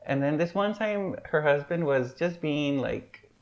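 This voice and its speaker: A man chatting casually as a podcast guest, rambling and filling every pause with "like". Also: a little high, animated. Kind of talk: casual chat. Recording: muffled lo-fi podcast audio.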